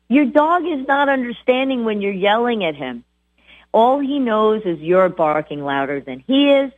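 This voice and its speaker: A woman hosting a radio show about dog training, coaching listeners in a lively, direct way. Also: fairly high pitch, moderate pace. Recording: tinny phone-like sound.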